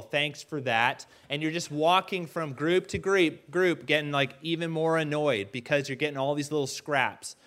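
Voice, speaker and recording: A man preaching a casual sermon, retelling the story in an animated way and acting out the characters as he goes. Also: a little high. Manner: leads the audience to stand and call out.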